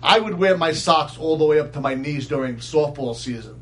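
Brief: animated male storyteller with a high voice who laughs along as he tells it. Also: a little fast. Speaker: guest storyteller. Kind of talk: casual storytelling.

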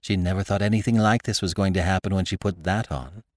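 A man voicing a kind young wife who speaks softly and sympathetically. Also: low voice, fast, no echo, clean studio sound, close to an everyday voice. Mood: hushed. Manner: soft and sympathetic.

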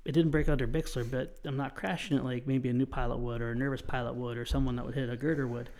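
A man's voice: medium pitch, fairly even intonation, fast, darkish tone. A man co-hosting a podcast, talking in a rambling, enthusiastic way with many fillers. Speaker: podcast co-host. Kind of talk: casual chat.

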